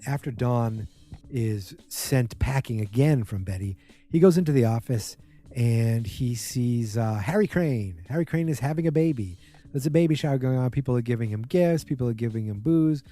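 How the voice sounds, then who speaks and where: A man's voice: medium pitch, mellow. A man hosting a podcast, casually recapping a TV episode in a rambling way and acting out characters' quotes. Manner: rambling, acts out quotes in quick bursts. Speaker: podcast host.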